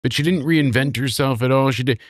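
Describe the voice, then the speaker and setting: A man hosting a relaxed wrestling review, his voice in a middle register and recorded very dry and close, with no room sound at all. He rambles through the recap with animated energy and slips into brief impressions. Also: mid-range voice, a little fast, dry recording. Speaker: wrestling show reviewer, host. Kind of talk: casual chat.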